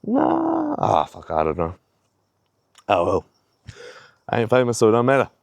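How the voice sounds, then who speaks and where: A man's voice: low voice, animated, moderate pace, vocal fry, dry recording. A young man giving a rambling, heavily profane pep talk in a casual vlog, a little out of breath. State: slightly out of breath. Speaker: fitness vlogger.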